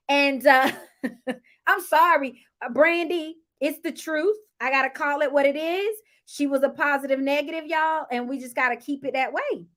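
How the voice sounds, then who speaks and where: A Southern-accented woman from the United States, her voice high and a bit bright, chats casually in a live review of a reality show. She laughs frequently and talks to her viewers as y'all.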